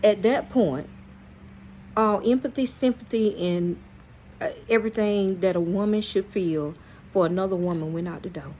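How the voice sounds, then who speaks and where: A woman's voice: medium pitch, normal speed. An outspoken woman recounts a run-in to her viewers in casual storytime fashion. She is blunt and profane, addresses her audience directly, and her mid-range voice rises sharply when she is outraged. A faint hiss sits under the recording. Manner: animated, exclaims in outrage. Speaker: channel host. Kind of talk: storytime vlog.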